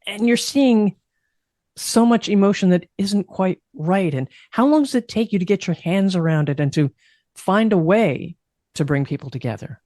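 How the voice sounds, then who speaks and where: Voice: medium pitch, lively intonation, normal speed, a little mellow, dry recording, clean studio sound. An interviewer asking thoughtful questions in a casual chat, hesitating at times and laughing along.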